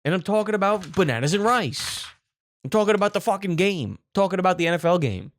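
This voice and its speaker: Brash, profane comedy host. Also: male voice, high-pitched, lively intonation, fast, a little hiss or hum. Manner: brash, profane, mock-exasperated riffing. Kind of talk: comedic news commentary.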